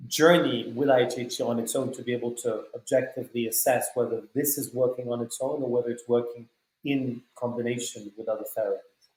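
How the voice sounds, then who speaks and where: A man hosting a podcast, asking long, measured, winding questions full of fillers. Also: mid-range voice, darkish tone. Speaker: podcast host. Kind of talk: conversational podcast interview. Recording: echoey room.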